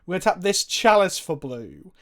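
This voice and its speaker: A man streaming a card game, thinking aloud with excitable, profane commentary. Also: sits high, moderate pace.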